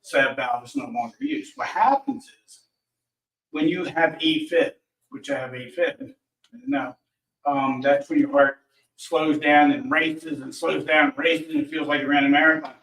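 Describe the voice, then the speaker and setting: A man's voice: a little high, normal speed, a bit bright. A man, a guest, telling a personal story in casual conversation and retelling past conversations line by line. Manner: retells dialogue with lots of "he goes". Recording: roomy, distant mic.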